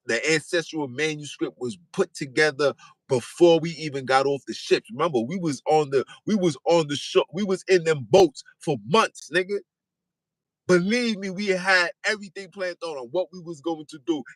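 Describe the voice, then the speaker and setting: A man's voice: fairly high pitch, dry recording, low-quality recording. Fiery, insistent man with a raised voice. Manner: repetitive, insistent, rising to shouts. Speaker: podcast host. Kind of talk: fiery monologue preaching.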